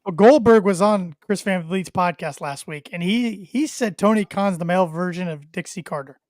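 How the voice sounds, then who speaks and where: A man's voice: high voice, normal speed, darkish tone, no room sound, studio quality. A man hosting a wrestling podcast, giving firm opinions and teasing his co-hosts in casual chat. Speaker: podcast host.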